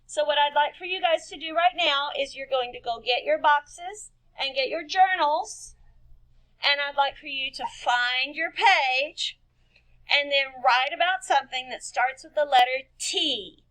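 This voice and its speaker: Woman teacher with a high voice for a children's writing lesson: patient and slow, spells words letter by letter. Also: pushed and bright. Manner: asks children questions and answers them herself. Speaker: kindergarten-level teacher.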